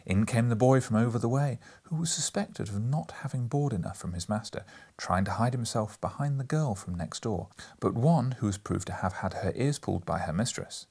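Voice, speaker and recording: A man narrating an audiobook with a lively, expressive reading, dropping some lines to near a whisper. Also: medium pitch, normal speed, husky. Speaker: audiobook reader.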